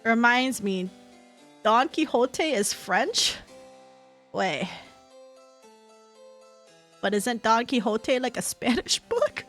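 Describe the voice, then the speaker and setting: Young adult woman, high voice, casual streaming chat, laughs a lot, swears, faint background music. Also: very animated, slow, pauses often, a bit bright. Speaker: VTuber streamer. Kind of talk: casual chat with viewers while reading chat.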